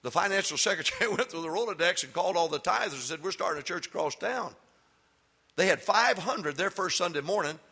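Bright-voiced pastor preaching. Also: male voice, sits high, expressive, a little fast, creaky, breathy edge. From Texas. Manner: preaching, rising to loud emphatic peaks, then folksy storytelling. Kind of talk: sermon with storytelling.

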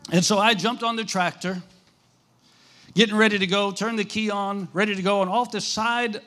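A man's voice: high voice, fairly bright tone. A man preaching as a missionary, telling a story to his audience with dramatic flair and frequent questions to them. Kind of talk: animated sermon storytelling.

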